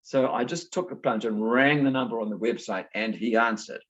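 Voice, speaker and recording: A middle-aged man from New Zealand, a guest author talking casually in an interview and telling lively anecdotes. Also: medium pitch, brisk, highs cut off. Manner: animated storyteller, acts out voices in anecdotes. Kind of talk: conversational interview.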